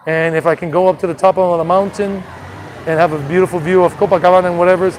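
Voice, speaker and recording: A man's voice: high voice, flat delivery, fast, slight background noise. A man hosting a casual travel live stream from an outdoor city street, talking loosely and restarting sentences often into a phone held at arm's length. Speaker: travel vlogger.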